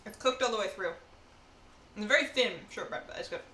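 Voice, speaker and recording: A woman speaks at medium pitch with a brisk, sharp tone during a casual baking live stream from home. She keeps hopping from one aside to another, heard with roomy echo and a little background noise.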